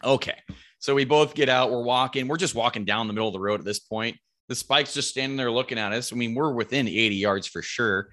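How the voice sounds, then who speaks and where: A man telling a hunting story in casual chat, animated and swearing freely. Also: medium pitch, brisk.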